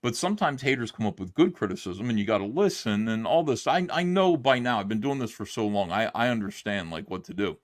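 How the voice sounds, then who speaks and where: A man's voice: on the low side, a little fast, hardly any pauses. A middle-aged man, a comic book creator, telling a long story in a casual livestream monologue and acting out the quotes. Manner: rambling, animated retelling with acted-out quotes.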